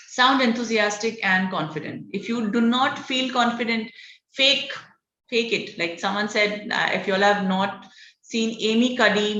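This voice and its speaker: A woman running an online public speaking class, encouraging and energetic, with frequent "okay" and "all right" between points. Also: mid-range voice, slight background noise. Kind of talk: online training session. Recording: dull roomy lo-fi online call audio.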